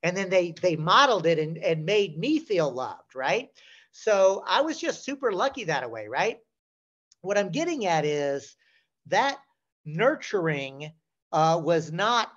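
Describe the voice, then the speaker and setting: A man's voice: sits high, sing-song, a little slow, a bit bright, dull audio. A man in his sixties with a Southern US accent, telling stories as an interview guest, often checking in with "right?". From Southern United States. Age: 60s. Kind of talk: casual storytelling.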